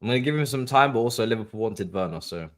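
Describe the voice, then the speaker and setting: A man's voice: mid-range voice, lively intonation, fast. A man hosting a casual football chat, laid-back and dry in his remarks. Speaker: host.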